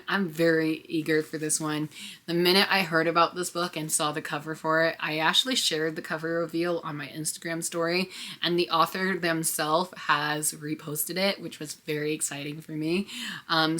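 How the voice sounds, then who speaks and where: A young woman chatting excitedly in a casual book haul vlog, with frequent little laughs. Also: sits low. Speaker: book vlogger.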